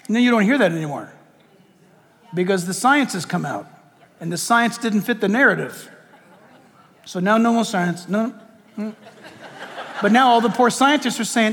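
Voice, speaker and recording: High-voiced impassioned preaching man. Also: sing-song, normal speed, long pauses, long reverb tail. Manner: impassioned, rhetorical questions, swings from loud to quiet. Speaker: pastor. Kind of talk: outdoor sermon.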